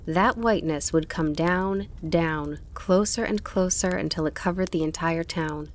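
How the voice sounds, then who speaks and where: Calm woman reading a storybook. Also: on the low side, measured pace, slight background noise. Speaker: audiobook narrator. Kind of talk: scripted narration.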